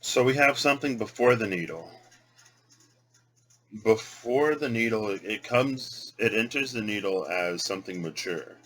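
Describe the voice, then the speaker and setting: Deep-voiced guy talking slow, mumbling through a card reading, says words over and over. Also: animated, fairly bright tone, poor audio. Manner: muttering, repeats words while trying pronunciations. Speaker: tarot and rune reader. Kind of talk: casual reading vlog, thinking aloud.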